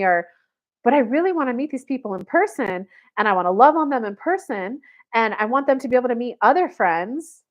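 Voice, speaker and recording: A woman who coaches and gives spiritual readings, telling a story on a livestream about herself in the third person and acting out the people in it. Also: fairly high pitch. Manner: animated storytelling, talks about herself in third person, acts out quoted voices.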